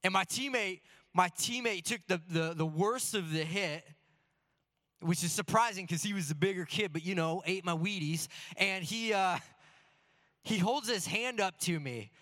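High-pitched guy preaching, earnest storytelling, long echo like a big church hall. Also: pushed and bright. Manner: earnest storytelling with slow emphatic phrases. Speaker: pastor. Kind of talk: sermon.

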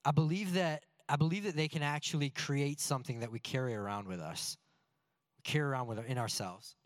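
A man's voice: medium pitch, a little fast, no echo, studio quality. A man in his thirties preaching a sermon as pastor, telling stories and asking rhetorical questions with plenty of energy. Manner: lively storytelling with rhetorical questions.

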